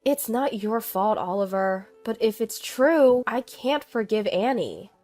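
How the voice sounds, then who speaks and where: A woman voicing a hurt, shaken young wife and mother who speaks weakly and quietly, with faint background music. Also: a little high, expressive, measured pace. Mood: firm.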